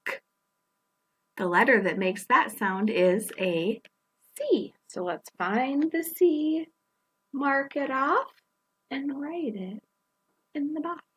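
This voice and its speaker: A woman teaching young children phonics, gently sounding out letters and words and encouraging them as she works through a worksheet. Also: fairly high pitch, breathy edge. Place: indoors at a table, camera on her worksheet.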